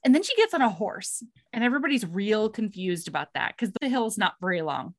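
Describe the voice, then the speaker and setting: A woman casually recapping a novel, swearing freely and saying "like" often, and quickly putting on voices for the characters. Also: medium pitch, dry recording, studio quality. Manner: animated storyteller, acts out characters' lines. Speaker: book discussion co-host.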